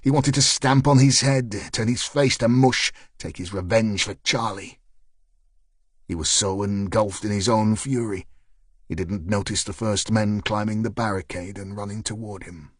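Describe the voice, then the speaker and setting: A man reading an audiobook in a steady, measured storytelling manner on a close studio mic. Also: on the low side, no echo. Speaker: audiobook narrator. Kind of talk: scripted narration.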